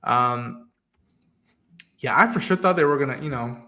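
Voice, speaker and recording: A man hosting a casual live-streamed podcast, retelling scenes quickly and acting out the lines. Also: medium pitch. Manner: quick, animated retelling of scenes with acted-out quotes. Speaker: podcast host.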